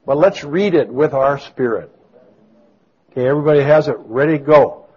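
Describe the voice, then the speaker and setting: A man preaching a sermon, swinging from booming exclamations to soft storytelling. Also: moderate pace, slightly rough. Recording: dull lo-fi sound.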